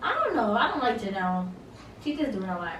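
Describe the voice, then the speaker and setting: A woman's voice: mid-range voice, sing-song, brisk, background noise. A young woman recapping a reality show in casual chat, blunt and opinionated, with many fillers. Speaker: reality TV reviewer. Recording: roomy, mic at a distance, faint ambience.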